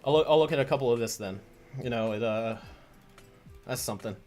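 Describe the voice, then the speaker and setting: A man's voice: medium pitch, fairly quick, darkish tone, soft background music. A man hosting a casual livestream as a comic creator, chatty and rambling, full of restarts.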